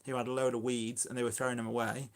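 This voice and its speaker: Man, casual live-stream chat, rambling, filler-heavy, phone mic, mid pitch. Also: little pitch movement, fast. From Shropshire, England. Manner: rambling, chatty, self-deprecating, full of fillers. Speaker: allotment gardener and live streamer.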